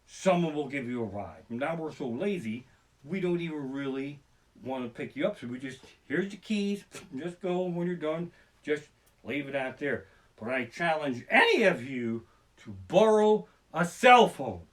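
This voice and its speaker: A man ranting through a profane stand-up story, talking fast and jumping into panicked shouted voices. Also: fairly high pitch, lively intonation. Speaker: comedian. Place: living room. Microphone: basic home streaming setup.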